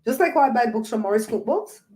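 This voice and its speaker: Animated, preachy woman host, mellow tone. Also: a little high, quick pace. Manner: animated, preachy, laughs often. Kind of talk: casual livestream chat.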